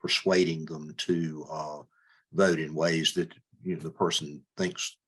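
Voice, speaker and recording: A man, a judicial candidate, answering interview questions in a measured way, often stumbling and repeating words. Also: a bass voice, level tone, slightly rough.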